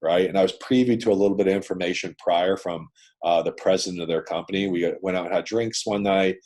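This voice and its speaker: A man's voice: low voice, steady tone, fast talker, darkish tone. A man from Canada, a guest on a video call interview, telling his business story in a blunt, casual way with plenty of swearing and "man" and "dude". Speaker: guest entrepreneur.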